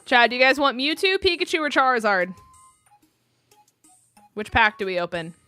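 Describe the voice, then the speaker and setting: A woman's voice: on the high side, big pitch swings, moderate pace, pushed and bright, no echo, soft background music. A young adult woman chatting casually with her live-stream audience, rambling with many ums and likes.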